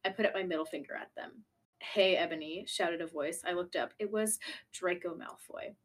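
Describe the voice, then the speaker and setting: A young woman co-hosting a casual podcast, reading fanfiction aloud in a laid-back, deadpan way with quick asides. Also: fairly low pitch. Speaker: podcast co-host.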